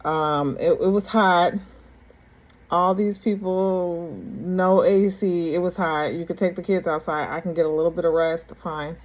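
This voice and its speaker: A woman's voice: fairly low pitch, fairly even intonation, a little slow, muffled recording. A young adult woman telling her own story to her viewers in a loose, rambling way, repeating herself and restarting her sentences. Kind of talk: casual personal storytelling to camera.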